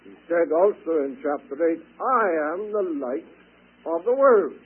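Emphatic preacher on an old radio broadcast. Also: male voice, on the high side, lively intonation, a little slow, breathy edge, narrow, tinny audio. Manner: emphatic, rising to forceful declarations. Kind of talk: radio sermon.

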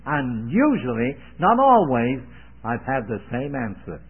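Husky older preacher on tinny radio. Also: male voice, medium pitch, very animated, normal speed. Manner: emphatic preaching that swells on key phrases. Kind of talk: sermon. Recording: tinny, phone-like old radio broadcast.

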